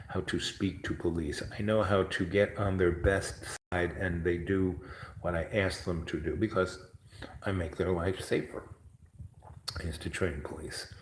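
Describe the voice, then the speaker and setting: Low-voiced man rambling in an echoey room. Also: fairly bright tone. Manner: chatty, storytelling, mimics others in raised voice. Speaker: host. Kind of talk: rambling monologue.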